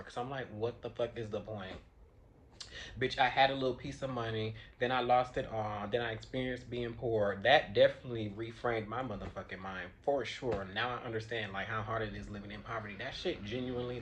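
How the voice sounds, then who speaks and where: A man's voice: mid-range voice, a bit bright, slight background noise. A man, ranting casually to camera, irritated and profane, rambling with restarts. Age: 20s. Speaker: vlogger.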